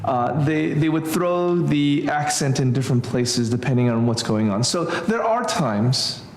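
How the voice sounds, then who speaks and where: A man teaching a relaxed church Greek class, thinking aloud with many fillers and restarts. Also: on the high side, unhurried, roomy sound, slight background noise. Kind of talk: informal church class lesson.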